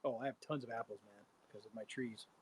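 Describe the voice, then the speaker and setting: A man's voice: medium pitch, fairly even intonation, fast talker, slightly rough, poor audio. A man co-hosting a homebrew show, chatting casually on a live stream in a laid-back way and often calling people "man".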